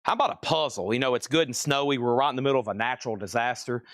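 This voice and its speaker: A man's voice: mid-range voice, a bit bright, dry recording, studio quality. Chatty man calling out record prices. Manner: brisk, chatty, lists items and prices. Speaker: seller running a live record sale. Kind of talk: live auction and price calling.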